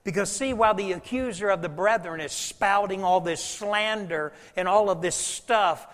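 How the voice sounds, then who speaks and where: A pastor preaching a sermon, swinging between loud, urgent passages and hushed whispers. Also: male voice, high voice, moderate pace. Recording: long hall reverb.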